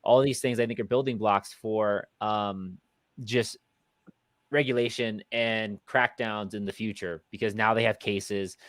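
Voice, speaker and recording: A man's voice: lowish voice, fairly even intonation, unhurried, a bit bright, no room sound. A man co-hosting a podcast, talking in a casual, hesitant way with many fillers and restarts. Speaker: podcast co-host.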